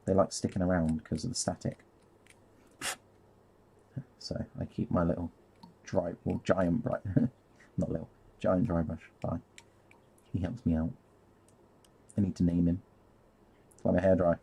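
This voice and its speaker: A man's voice: low-pitched, flat delivery, moderate pace, creaky, long pauses, dark tone, husky. A man rambling casually on a live stream while painting, easily sidetracked and laughing at himself.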